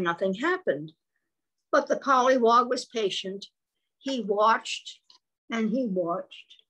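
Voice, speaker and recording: A woman reads a children's picture book aloud. She is expressive, and her pitch moves up and down a lot. Her voice is slightly husky, and she pauses to quiz her young listeners about the pictures. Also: low-quality recording. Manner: expressive, pauses to ask little listeners questions. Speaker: storyteller for children.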